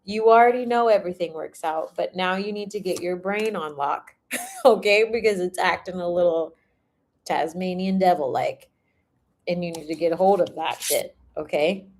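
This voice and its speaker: A woman's voice: on the low side, normal speed, a little mellow. A young woman reading tarot on a livestream in casual chat, laughing often and swearing freely. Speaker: tarot reader.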